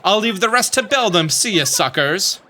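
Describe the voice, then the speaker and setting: A man's voice: high-pitched, expressive, moderate pace, sharp tone, voice pushed up. Man doing a sneering video game villain. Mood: mocking. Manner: mocking, raised voice. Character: sneering escaping male villain.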